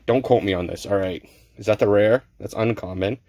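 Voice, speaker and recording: A man's voice: fairly low pitch, brisk, darkish tone. Chatty male card-unboxing host. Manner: chatty, stumbles over names. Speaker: card-opening channel host. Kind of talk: casual unboxing chat.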